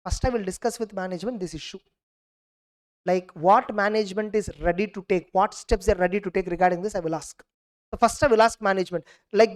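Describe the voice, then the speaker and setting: A young woman giving an animated exam revision lecture, acting out both sides of each case and checking her class with "clear?". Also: mid-range voice, quick pace. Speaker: teacher.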